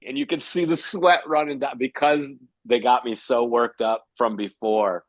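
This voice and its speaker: A man who hosts game shows, a guest telling a story with lively energy. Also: medium pitch, normal speed, dry recording. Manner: lively, acts out quotes in raised voice. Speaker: game show host, guest. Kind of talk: animated storytelling.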